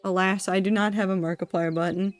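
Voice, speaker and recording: A woman streaming herself building in a game, thinking aloud, talking to herself and her chat, quickly excited and dramatic. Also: medium pitch, faint music behind. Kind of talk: casual live-stream commentary while building in a game.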